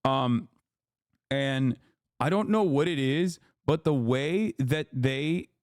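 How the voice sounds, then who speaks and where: A man's voice: medium pitch, takes it slowly, smooth, dry recording, studio quality. Profane, rambling man on stream. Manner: rambling, profane, animated storytelling. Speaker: livestream host. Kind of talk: casual chat.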